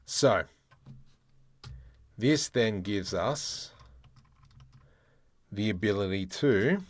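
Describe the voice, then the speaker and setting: A man demonstrating 3D modeling software, thinking aloud in a playful way and muttering keyboard shortcuts and mild exclamations as he works. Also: fairly low pitch, lively intonation, very slow. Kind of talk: screen-recorded software tutorial, thinking aloud.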